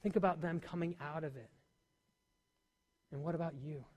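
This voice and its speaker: A male pastor preaching a sermon in a church, swinging between loud emphatic peaks and soft near-whispers. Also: on the high side, fairly even intonation, normal speed. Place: church hall. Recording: long hall reverb.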